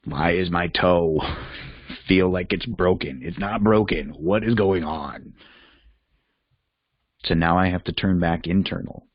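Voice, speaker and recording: A man's voice: low-pitched, unhurried, long pauses, no echo, dull audio. A man hosting a reflective self-help talk, candid and conversational, thinking aloud as he goes. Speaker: podcast host and life coach.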